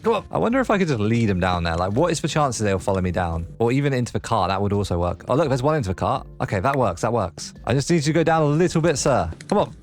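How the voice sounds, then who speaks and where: A man's voice: medium pitch, very animated, fast talker, few pauses. A young man talks his way through a let's play, his voice swinging widely up and down as he goes. He chats fondly to the creatures on screen like old friends. Faint music plays underneath. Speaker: gaming video host. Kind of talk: casual let's play commentary.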